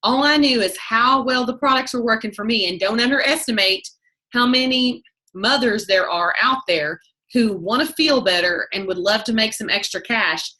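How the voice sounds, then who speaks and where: A woman leading a team training call, talking fast in a chatty way and often breaking off mid-sentence. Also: a little high, bright, forceful tone. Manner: fast, chatty, self-interrupting. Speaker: network marketing team leader.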